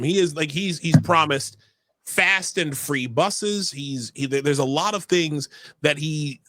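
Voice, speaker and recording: A man's voice: on the high side, slow pace, sharp tone, no echo. A man hosting a political talk show, speaking emphatically and often stumbling over his words. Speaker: podcast host.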